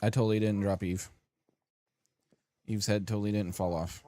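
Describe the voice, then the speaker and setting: A man's voice: lowish voice, moderate pace. A man streaming a game, chatting casually with his viewers and playfully exasperated with himself. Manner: animated, exasperated, laughing at himself. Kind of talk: casual live-stream chat.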